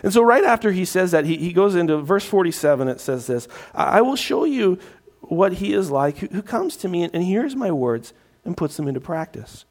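A man's voice: high voice, very animated, fairly quick, a little mellow. A man preaching a sermon, often repeating his words and acting out crowd voices. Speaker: pastor.

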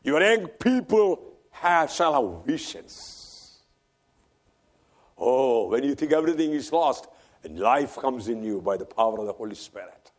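A man preaching a sermon, swinging from loud fervent cries to hushed near-whispers and repeating phrases for emphasis. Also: medium pitch, animated, a little slow.

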